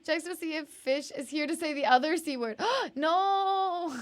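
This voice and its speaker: A woman's voice: high voice, expressive, takes it slowly, pauses often. A young woman streaming live, chatting casually and rambling, laughing often as she reads out chat messages. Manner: bubbly, giggly, rambling, reads chat aloud.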